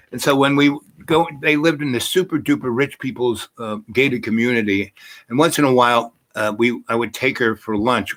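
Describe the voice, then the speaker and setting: A man's voice: mid-range voice, a bit bright. An older man telling meandering personal stories in a casual, profane way, full of fillers and restarts. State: achy and groaning from sitting too long. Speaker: storyteller. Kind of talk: rambling personal storytelling.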